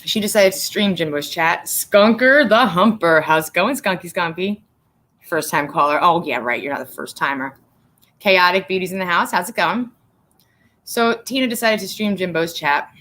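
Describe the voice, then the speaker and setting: A woman hosting her own livestream in a loose, unscripted way, stopping to greet viewers by name between stories. She is blunt and profane, and her voice is bright and forceful. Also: lowish voice, normal speed. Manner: blunt, profane, talks straight to chat. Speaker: livestream host. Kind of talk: casual livestream chat.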